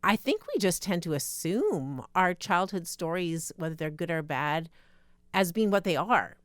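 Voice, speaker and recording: A woman's voice: on the low side, lively intonation, unhurried, no room sound, clean studio sound. A woman hosting a podcast who interviews her guest and asks curious follow-up questions. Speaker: podcast host.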